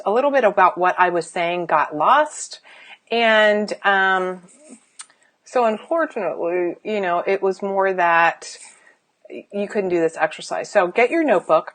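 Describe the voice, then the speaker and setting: A middle-aged woman, a life coach, sitting indoors and giving an emphatic, chatty live-streamed motivational talk with sighs and restarts. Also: on the low side.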